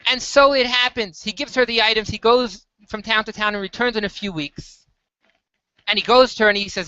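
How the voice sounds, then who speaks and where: A teacher telling a story to a class in a lively way, acting out the voices of the people in it. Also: mid-range voice, a little fast, clear, resonant tone, no room sound, dull audio. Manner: animated storyteller, acts out the dialogue. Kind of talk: storytelling lesson.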